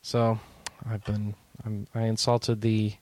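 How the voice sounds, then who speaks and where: A man's voice: mid-range voice, expressive, moderate pace, a bit bright, no echo. A man hosting a gaming podcast in casual chat, joking and rambling, laughing easily. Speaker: podcast host.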